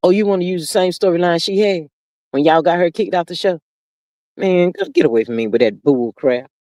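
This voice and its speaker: Woman, livestream host, sassy gossip chat, drawl, swooping expressive pitch, dry close sound. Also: brisk, no room sound. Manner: sassy, drawling, peppered with "child" and "honey"; reads viewer comments aloud. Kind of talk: casual gossip chat with live chat readers.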